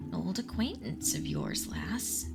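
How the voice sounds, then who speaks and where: A hoarse woman voicing a sinister old hag in whispered role-play, speaking slowly and menacingly over game music. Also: lowish voice, wildly swooping pitch, heavily acted. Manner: slow, hushed and menacing.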